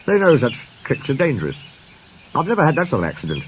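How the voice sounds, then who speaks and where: A man voicing a small, modest male mountain engine who talks gently and earnestly. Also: medium pitch, wildly swooping pitch, fast, a little hiss or hum, voice pushed up. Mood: gentle.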